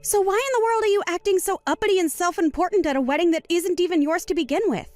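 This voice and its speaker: A woman voicing a calm, composed young woman wronged at a wedding, speaking in a measured, firm way in a voiced story drama. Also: very high-pitched, dry recording, faint music behind.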